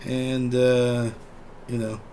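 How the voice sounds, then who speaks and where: A man's voice: medium pitch, flat delivery, extremely slow, mellow. A man with a mid-range voice offering casual, wry commentary. He rambles and trails off with fillers, and faint background noise sits under his voice. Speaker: host.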